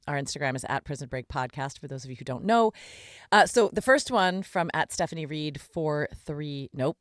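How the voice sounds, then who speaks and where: A woman in her forties co-hosting a casual podcast, an animated storyteller who laughs often and fills pauses with ums. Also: low-pitched, dry recording, clean studio sound. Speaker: podcast co-host.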